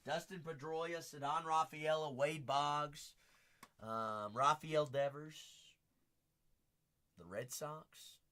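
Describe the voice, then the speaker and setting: A man hosting a live-streamed card break, chatting with viewers by name, teasing them, and breaking into hype shouts as he talks through teams while standing. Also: a little high. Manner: hype-driven, bursts into shouts. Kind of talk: live-stream auction patter.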